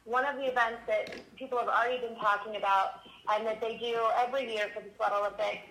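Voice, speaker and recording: A woman's voice: a little high, steady tone, fast talker, a bit bright, roomy sound, a little hiss or hum, rough recording. A woman guest, an event organizer, explaining plans in casual chat, enthusiastic and prone to giggling.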